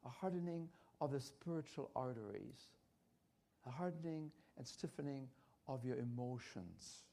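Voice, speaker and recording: A man's voice: medium pitch, animated, moderate pace, gravelly, dark tone. An older man giving a church health lecture, emphatic and repetitive, with frequent hesitant restarts. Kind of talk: health talk at a church conference.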